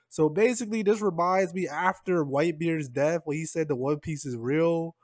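Man, high voice, mellow tone, dry close sound, slangy casual recap. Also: normal speed, few pauses, dry recording. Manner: slangy, loose, peppers lines with "man" and "bro". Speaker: manga chapter reviewer.

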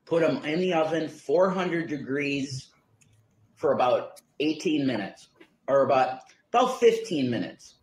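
A man's voice: a little high, lively intonation, slight background noise. Guy rambling thru a recipe, lots of uhs and restarts, echoey room. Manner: rambling, halting, with many fillers and restarts. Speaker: home cook in a cooking video. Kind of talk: casual cooking demonstration.

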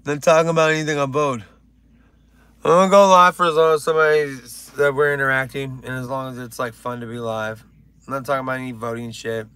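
Gravelly, bright-voiced man riffing on a live stream. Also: mid-range voice, brisk. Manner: rambling, profane, joking with viewers. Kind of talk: casual live-stream chat.

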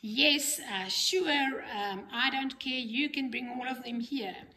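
A woman's voice: high voice, slow pace, sharp tone, full character voice. A woman voicing a carefree, talking pot of gold, offhand and breezy.

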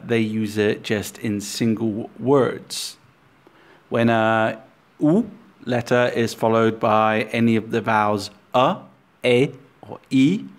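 A man teaching a language lesson, speaking deliberately and repeating example words for learners. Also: lowish voice.

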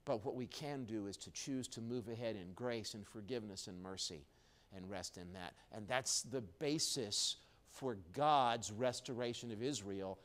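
A male pastor delivering a live sermon in a church, dropping low and quiet, then building to loud emphatic peaks. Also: normal speed. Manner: preaching with wide swings in loudness, low and quiet then rising strongly. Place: church sanctuary, recorded live.

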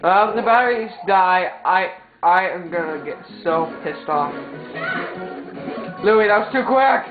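A man chats his way through a video game session in rambling, stumbling commentary, often restarting his sentences. The sound is tinny and phone-like, bouncing around an echoey room. Loud game music plays under his voice. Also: sits high, unhurried. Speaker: gameplay commentator. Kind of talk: casual gameplay commentary.

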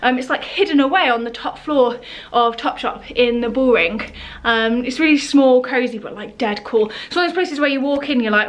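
A woman's voice: sits high, normal speed, few pauses. A young British woman, a lifestyle vlogger, chatting to camera in a bubbly, gushing way with plenty of fillers. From United Kingdom.

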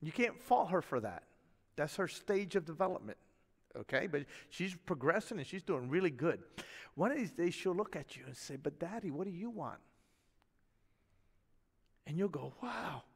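A man preaching from the pulpit, his voice set high for a man and swinging widely in pitch. He talks in a folksy, animated way, dropping chuckles and asides to the congregation. The long reverb of a church sanctuary trails after each phrase. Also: moderate pace, creaky. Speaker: pastor. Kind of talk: sermon.

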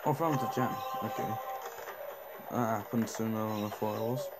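A man's voice: on the low side, normal speed. A young man casually commenting on a mobile game as he plays, talking to himself and reacting to what happens on screen. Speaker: gaming channel host.

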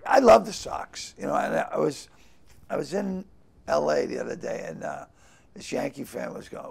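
An older man, a comedian guest telling stories in a casual interview and acting out the quotes with loud bursts. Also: on the high side, fairly quick, gravelly, slightly rough. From Boston. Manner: animated storyteller who acts out quotes with loud bursts.

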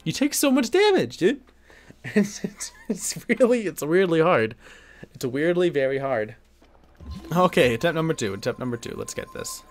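A man's voice: fairly high pitch, moderate pace, soft background music. A young man streaming a video game, joking and chatting with his viewers. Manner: jokey and animated, talks to viewers. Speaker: gaming streamer. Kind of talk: let's play commentary.

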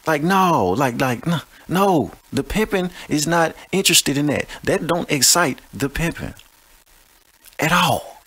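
A man's voice: on the high side, animated, unhurried, a bit bright, husky. A man hosting a podcast, telling a boastful, profane story in a swaggering, mocking way. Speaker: podcast host.

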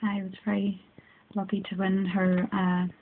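A woman's voice: medium pitch, completely flat delivery, unhurried. Gushing Northern Irish woman, tinny phone audio. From Northern Ireland. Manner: chatty and gushing, with many fillers. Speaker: crafting vlogger. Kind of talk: casual unboxing chat. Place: at home. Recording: tinny, noisy phone recording.

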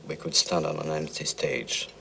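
A man's voice: extremely low pitch, moderate pace, gravelly, a little hiss or hum, exaggerated voice. An actor playing a playful, earnest male opera singer chatting over a meal. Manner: relaxed, earnest, teasing.

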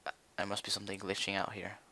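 Bright-toned young man rambling over gameplay. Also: lowish voice, completely flat delivery, quick pace, slight background noise. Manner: rambling, hesitant, many fillers. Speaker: gaming video creator. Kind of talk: casual Minecraft commentary.

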